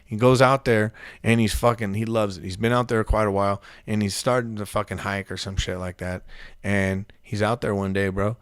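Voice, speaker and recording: A man's voice: on the low side, fairly even intonation, normal speed, clear, resonant tone, no room sound. A man co-hosting a casual podcast, telling stories in a profane, slangy way and acting out the quotes. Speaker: podcast co-host. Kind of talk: casual storytelling chat.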